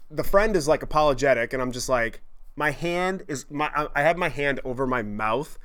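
A man telling a story in a podcast monologue, animated, profane and self-deprecating. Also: mid-range voice. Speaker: podcast host.

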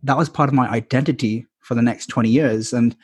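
A man's voice: medium pitch, fairly even intonation, a little fast, darkish tone, slightly rough, no room sound. A man in his twenties or thirties, a podcast guest, telling his life story candidly with many ums and likes. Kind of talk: casual storytelling interview.

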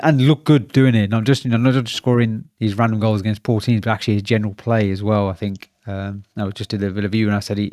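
A man hosting a casual football podcast, talking in a halting way with many fillers and restarts. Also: lowish voice, darkish tone, no echo, studio quality. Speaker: podcast host.

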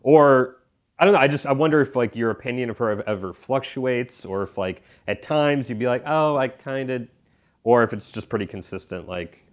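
A man hosting a casual conversation, asking gentle, hesitant questions full of fillers. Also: mid-range voice, normal speed. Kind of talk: casual podcast interview.

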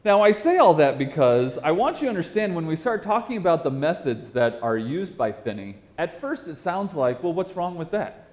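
A man preaching in a storytelling style, animated and self-mocking, often repeating words for effect. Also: a little high, normal speed, hardly any pauses. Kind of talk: storytelling sermon.

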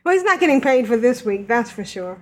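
Woman, podcast host, casual chat, giggly, a bit high-pitched. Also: sing-song, a little fast, a little mellow. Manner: giggly, chatty.

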